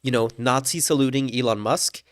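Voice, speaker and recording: A man hosting a livestream, chatting casually in a relaxed, easygoing way. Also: medium pitch, fairly quick, dry recording, studio quality. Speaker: livestream host. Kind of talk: casual chat.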